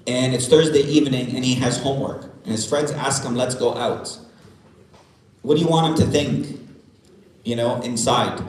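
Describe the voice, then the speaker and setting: A man giving an earnest church parenting talk, repeating and restarting his phrases as he coaches parents. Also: mid-range voice. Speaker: parenting class speaker. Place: church hall. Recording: echoey room from far off, faint hum.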